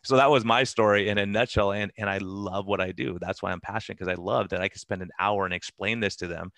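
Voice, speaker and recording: Middle-aged male physician, low-ish voice, dry close sound, earnest rambler. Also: fairly even intonation, fast, a bit bright, dry recording. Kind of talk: casual personal storytelling.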